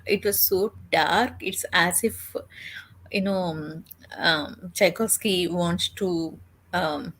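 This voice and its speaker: A woman chatting on a reading stream, easygoing and teasing, with some hesitant pauses. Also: lowish voice, fairly bright tone, slight background noise. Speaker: guest reader on the stream. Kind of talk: casual chat.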